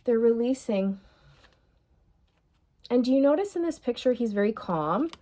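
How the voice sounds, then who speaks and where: A woman's voice: on the high side, lively intonation, moderate pace, dark tone, slight background noise. A woman giving a tarot reading in a loose, chatty way, repeating phrases and laughing at her own slips. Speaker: tarot reader. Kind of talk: tarot card reading monologue.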